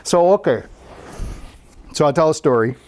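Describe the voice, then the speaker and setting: Give me a chatty storyteller with a lively voice delivering a sermon. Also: medium pitch, normal speed. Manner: conversational, animated storyteller with frequent restarts. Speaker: speaker at a spiritual center.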